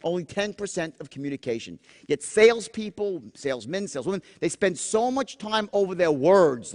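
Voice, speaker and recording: A man giving a live sales seminar, animated and profane, acting out tones and dropping into sudden whispers. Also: fairly high pitch. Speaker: sales trainer. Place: large seminar room. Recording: long hall reverb.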